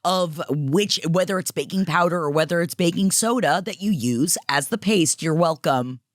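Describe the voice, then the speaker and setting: A woman co-hosting a podcast, chatting casually with a teasing, sarcastic sense of dark humor. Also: lowish voice, normal speed, dry recording, studio quality. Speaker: podcast co-host. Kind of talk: casual chat.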